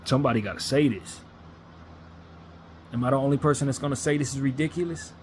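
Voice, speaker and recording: A man's voice: medium pitch, quick pace, a little mellow, slight background noise. Frustrated man ranting about his team. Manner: frustrated, blunt, repetitive emphasis. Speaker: sports fan commentator. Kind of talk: ranting fan monologue.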